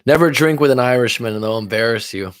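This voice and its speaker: Talking at a quick pace in a medium-pitched voice, this man from California hosts a laid-back live stream as a relationship coach. He reads out viewers' comments and responds loosely, rambling with fillers and restarts.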